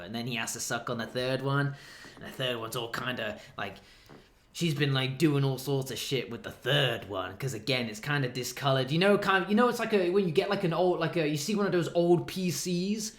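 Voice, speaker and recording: Male streamer, crude rambling storyteller, heavy swearing, mid pitch, roomy echo. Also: a little fast, a bit bright. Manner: profane, rambling, laughs often.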